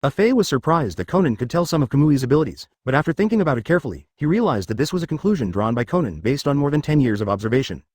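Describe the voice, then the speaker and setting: A man's voice: medium pitch, very animated, rapid-fire, few pauses, darkish tone, no echo, clean studio sound. A male text-to-speech voice narrating a fanfic story in a machine reading that reads out stray words.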